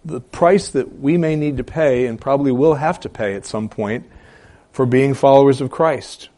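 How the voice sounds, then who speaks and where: A man preaching a sermon as pastor, with emphatic stresses, quiet asides and hesitant fillers between phrases. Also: medium pitch, moderate pace.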